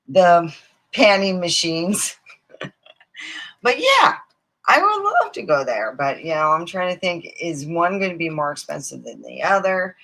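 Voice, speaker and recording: A woman's voice: low-pitched, fairly bright tone, low-quality recording. A woman from Nevada hosting a livestream, rambling casually, digressing, swearing freely and acting out quoted voices. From Nevada, USA. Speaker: livestream host.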